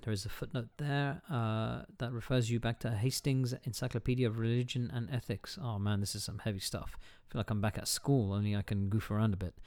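A man's voice: on the low side, steady tone, fairly quick, hardly any pauses, darkish tone, dry recording. Man reading aloud on a dry podcast. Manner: stumbles over hard words and swears at himself; breaks off with joking asides. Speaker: podcast host. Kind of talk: casual solo podcast, reading a book aloud.

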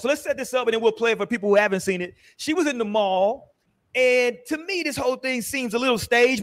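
A middle-aged man with a notably high speaking voice hosts a relaxed panel chat. He is blunt and teasing, and he keeps steering the other panelists. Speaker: podcast host.

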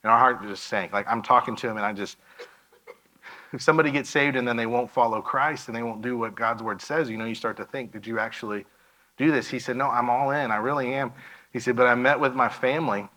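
A missionary man tells a story to a church, with a bright, forward voice at an ordinary pitch for a man. He acts out the dialogue of the people in his story with lively energy. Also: fairly quick, rough recording. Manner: animated storyteller acting out quoted dialogue.

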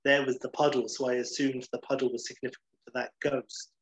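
A man chatting casually as a podcast host, enthusiastic, with quick asides and the odd swear word. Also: medium pitch, flat delivery. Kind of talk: casual chat. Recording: slightly dull, lo-fi sound.

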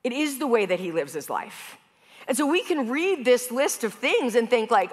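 A woman's voice: fairly high pitch, big pitch swings, moderate pace. Chatty woman preacher in a reverberant hall. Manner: chatty storytelling with casual fillers. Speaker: pastor. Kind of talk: conversational sermon.

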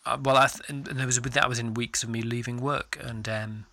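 A man's voice: medium pitch, fairly even intonation, brisk, gravelly, sharp tone, slight background noise. A middle-aged man co-hosting a podcast, talking candidly in a casual, self-deprecating and jokey way. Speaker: podcast co-host. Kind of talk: casual chat.

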